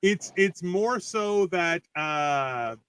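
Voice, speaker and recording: A man's voice: high-pitched, expressive, drawn-out words, a loud crowd. A man co-hosting a casual podcast, telling a story in a rambling, profane way with many restarts. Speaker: podcast co-host.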